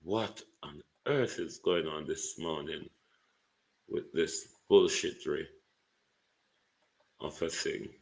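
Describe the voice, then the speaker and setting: A man's voice: extremely low pitch, slow pace, vocal fry, pauses often, a little mellow. A Jamaican man hosting a live online show, muttering and exclaiming to viewers while fighting with his computer. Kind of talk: casual live commentary.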